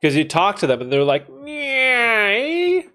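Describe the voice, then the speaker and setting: A young man from Canada hosting a casual livestream, reading chat and joking, laid-back with loud bursts of laughter and swearing. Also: on the high side, quick pace, soft background music. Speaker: livestream host answering chat.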